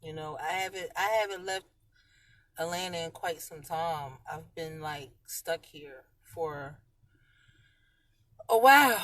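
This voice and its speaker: A woman chatting casually on a live stream from her parked car, slangy and swinging between loud and quiet. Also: on the low side. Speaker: vlogger talking live to viewers.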